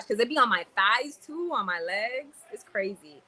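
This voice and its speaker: A woman of Cuban background hosts a laid-back livestream in a Dominican Republic store, speaking at a moderate pace with a medium-pitched voice. She's animated as she reads comments aloud and mixes in Spanish words, but the audio quality is poor.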